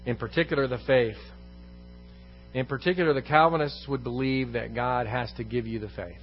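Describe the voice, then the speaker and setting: A male pastor teaching an evening Bible class in a church room, at an ordinary pitch for a man. He leans on repeated phrases and questions the room. The recording is slightly dull, with faint music underneath. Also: steady tone, brisk.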